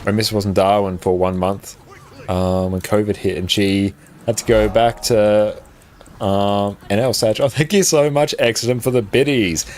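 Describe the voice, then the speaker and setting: Playing a game on stream, this South Australian man reads his viewers' questions aloud and chats with them, relaxed and quick to laugh. He speaks at a moderate pace in a fairly low voice into a desk mic, with faint music behind him.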